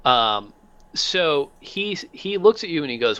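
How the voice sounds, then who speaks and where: Bright-voiced man running a tabletop game. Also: a little high, big pitch swings, smooth. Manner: halting, lots of fillers. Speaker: game master.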